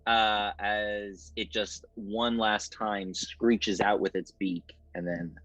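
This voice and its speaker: A man's voice: lowish voice, flat delivery, slow, a bit bright, dry recording, low-quality recording. A man running a tabletop game as game master, narrating combat vividly over a video call.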